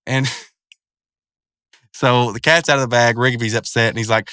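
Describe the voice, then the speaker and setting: Man, casual episode commentary, rambling with fillers, bright crisp voice, dry close sound. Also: medium pitch, little pitch movement, normal speed, pauses often, no echo. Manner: rambling, many fillers and restarts. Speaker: video commentator.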